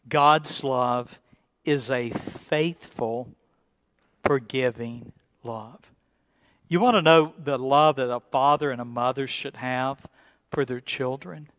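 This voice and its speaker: A male pastor preaching a sermon in an earnest, deliberate way, repeating words and rising into pleading emphasis. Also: medium pitch, a bit bright, no room sound.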